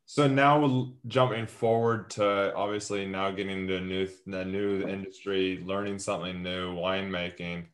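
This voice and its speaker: A man's voice: deep voice, little pitch movement, normal speed, hardly any pauses, a bit bright, slight background noise. A man hosting a casual interview, asking long questions with many restarts. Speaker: podcast host.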